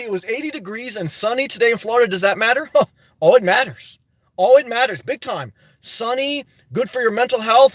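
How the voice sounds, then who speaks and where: A man with a notably high voice talks to his livestream audience in a motivational, preachy style. He hammers his points home by repeating them and addressing listeners directly. The sound is close and dry. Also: a bit bright, no room sound. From New Jersey. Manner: preachy, emphatic, repetitive exhortation. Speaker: livestream host.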